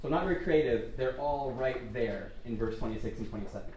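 A man's voice: mid-range voice, fairly quick, mellow. Man preaching in an echoey hall. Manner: informal, chatty, self-deprecating. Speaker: pastor. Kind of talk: conversational sermon. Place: church hall. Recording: echoey hall from far off, faint noise.

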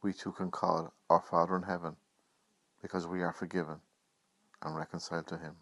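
A man preaching a Good Friday sermon, reading scripture in an earnest, measured way. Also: low-pitched, flat delivery, fairly bright tone, dry recording.

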